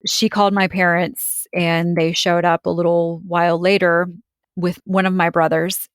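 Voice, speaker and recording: A woman's voice: on the low side, level tone, moderate pace, smooth, no echo, clean studio sound. A woman recounting a frightening personal experience in an interview, speaking earnestly and with emotion, often quoting what others said. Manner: earnest, emotional storytelling with quoted dialogue. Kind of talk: conversational personal account.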